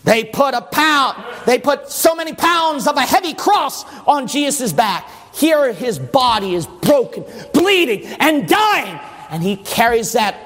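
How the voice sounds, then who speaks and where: A male preacher delivering a dramatic sermon, swinging into shouting and sing-song stretches. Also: very high voice, very animated, a little slow, few pauses. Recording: long hall reverb.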